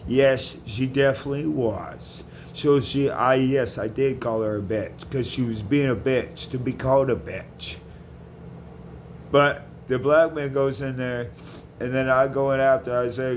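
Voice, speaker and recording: Brief: male vlogger, heated profane rant, mid pitch, faint background noise. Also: measured pace. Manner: heated, profane, repeats himself. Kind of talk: angry rant to camera.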